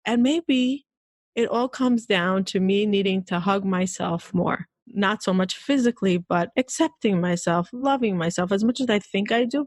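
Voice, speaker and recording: Candid, animated woman host in her forties. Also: medium pitch, no room sound. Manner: animated, candid storytelling with frequent laughter. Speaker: podcast host. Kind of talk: casual conversational interview.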